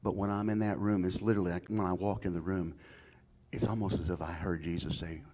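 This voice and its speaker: Man, pastor, folksy sermon, lowish voice, loud to whispered. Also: steady tone, fast talker, slightly rough. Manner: folksy, swings from shouted to whispered.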